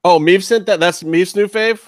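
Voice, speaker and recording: A man's voice: high-pitched, moderate pace, no room sound. Teasing man with a dry, close voice. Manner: laughing, teasing. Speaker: podcast co-host. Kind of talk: casual banter.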